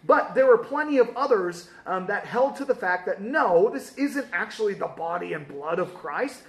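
A man teaching a casual sermon in a church, lively and joking, with many fillers and questions to the room. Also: high voice, normal speed, reverberant.

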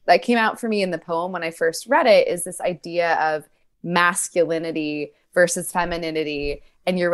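Woman talking about a movie, thoughtful, lowish voice. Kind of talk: casual film discussion.

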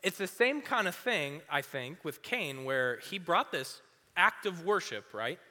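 A young man giving a casual youth sermon as a youth pastor, chatty and full of "like", acting out quick little voices. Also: fairly high pitch, very animated, pushed and bright. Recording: long hall reverb.

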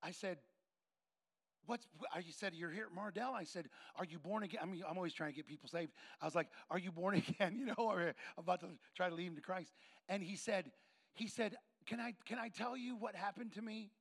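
A man preaches through a personal story. His voice sits high and carries a gravelly edge. He leans into the quoted lines and voices each person in turn. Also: a little fast. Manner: animated storyteller acting out dialogue. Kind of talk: sermon storytelling.

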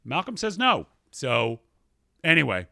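A man in his thirties co-hosts a podcast, reading out listener emails and riffing on them at a quick clip. His voice sits a bit high and bright, with lively swings in pitch, recorded dry and close. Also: vocal fry, no room sound. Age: 30s. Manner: quick-talking, animated, reads emails aloud with quips. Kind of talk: casual podcast chat.

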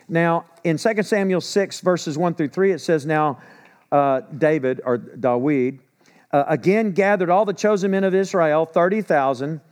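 Male pastor, slightly high voice, animated sermon with sarcastic asides. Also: a little slow. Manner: animated preaching, drops to quiet asides when telling stories; sarcastic humor.

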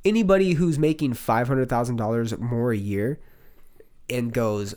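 A man co-hosting a podcast in casual chat, swearing freely and joking in quick repeated bursts. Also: mid-range voice, a little mellow. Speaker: podcast co-host.

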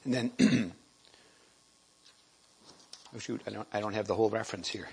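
A man delivers a sermon in a husky, somewhat low voice. He talks haltingly, restarting phrases and often clearing his throat. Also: darkish tone, low-quality recording. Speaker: lay preacher.

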